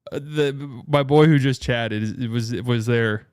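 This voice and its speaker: A man's voice: medium pitch, a little slow, a little mellow, clear, resonant tone. A young man hosting a casual livestream, rambling through a story, laughing often and swearing. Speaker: streamer and show host.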